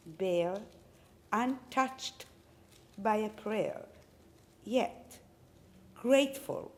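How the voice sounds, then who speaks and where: A woman recites a poem in a library hall with an extremely slow, deliberate delivery. Her voice sits a little high, and she lingers on every word with a solemn weight. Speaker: poetry reader. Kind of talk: poetry recitation.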